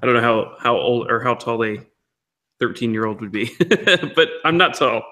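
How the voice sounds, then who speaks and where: A man's voice: medium pitch, lively intonation, moderate pace, bright, forceful tone. A man taking part as a player in a tabletop game, laughing and hesitant. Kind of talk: casual tabletop game play.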